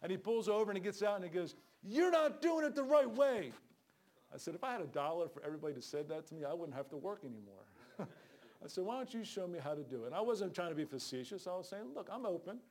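A middle-aged male street preacher with a high voice. He preaches with fervor, calls out for amens and acts out the people he meets on the street. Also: expressive, rapid-fire, darkish tone. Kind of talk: sermon.

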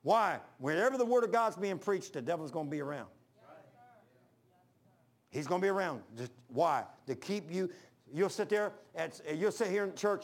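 High-voiced man preaching a folksy sermon. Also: lively intonation. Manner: storytelling with quick shifts between loud highs and low murmurs; folksy, says "man" often.

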